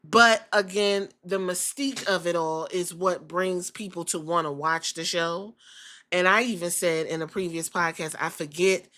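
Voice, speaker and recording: A woman's voice: fairly low pitch, steady tone, moderate pace, bright, forceful tone. A woman hosting a podcast, giving a casual, blunt and opinionated review that is laced with casual swearing. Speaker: podcast host.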